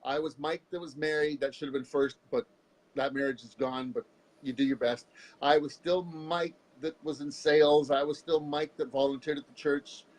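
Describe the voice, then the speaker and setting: Animated Canadian man telling his story. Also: fairly high pitch, normal speed, rough recording. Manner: animated, candid storyteller who jumps into voices. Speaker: guest. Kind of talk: casual interview storytelling.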